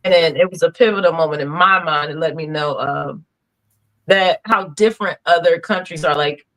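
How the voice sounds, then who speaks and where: A young woman, a podcast guest, telling animated stories in casual chat and laughing as she goes. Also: sits low, moderate pace, poor audio. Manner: animated storyteller, laughs through her stories.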